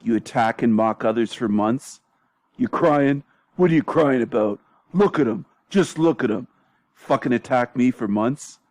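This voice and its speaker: A man's voice: mid-range voice, unhurried, a little mellow, dry recording, clean studio sound. A man hosting a commentary stream, taunting others with profane insults. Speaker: stream host.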